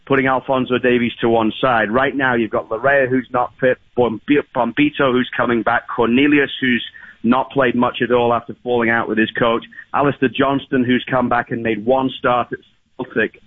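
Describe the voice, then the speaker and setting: A man's voice: medium pitch, level tone, normal speed, dry recording. A man giving soccer analysis as a guest on a phone call. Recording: phone-line audio.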